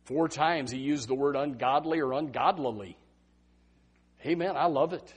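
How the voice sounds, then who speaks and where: A man preaching a Baptist sermon, swinging from loud emphatic bursts to hushed asides. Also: on the high side, moderate pace, husky.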